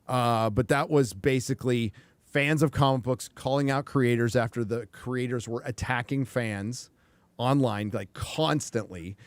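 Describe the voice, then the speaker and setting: A man's voice: medium pitch, unhurried, no room sound. A man hosting a casual livestream talk show, emphatic and profane, with rambling asides. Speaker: show host.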